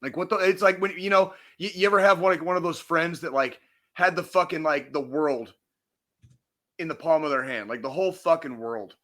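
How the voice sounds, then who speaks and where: Male podcast co-host, bright forceful voice a bit high, heated profane rant. Casting note. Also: fairly quick. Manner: angry, profane, emphatic.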